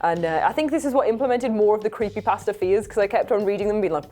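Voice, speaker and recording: Animated young woman telling a story. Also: medium pitch, fast talker, faint music behind. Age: young adult. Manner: animated storytelling with acted-out quotes. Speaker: show panelist. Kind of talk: casual chat, telling a story.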